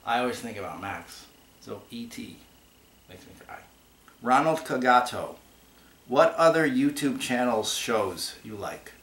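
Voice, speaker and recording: This podcast co-host has a mid-range, slightly bright voice, animated yet unhurried. Answering viewer questions on a casual online show, he rambles through chatty stories and restarts himself; the recording sounds echoey with a faint hiss.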